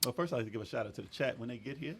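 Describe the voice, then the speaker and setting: Gravelly-voiced podcast co-host man. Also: mid-range voice, animated, very fast, a bit bright, slight background noise. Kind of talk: casual podcast chat.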